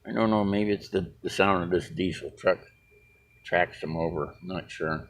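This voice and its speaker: A man's voice: low-pitched, moderate pace, dry recording. A man filming a casual handheld vlog outdoors by his truck, chatting and cooing at visiting birds in a raised, playful voice. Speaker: vlogger.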